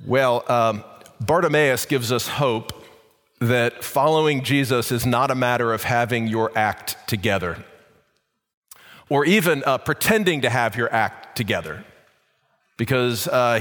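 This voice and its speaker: A man's voice: mid-range voice, expressive, unhurried, fairly bright tone, big-room sound. A man preaching a sermon in a conversational way, with many fillers and restarts. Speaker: pastor.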